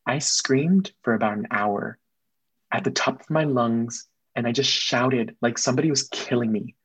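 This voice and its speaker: A young man, a guest, telling a personal story in casual conversation, quick and earnest, slipping in Spanish phrases. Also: mid-range voice, fairly bright tone, breathy edge, no room sound, poor audio.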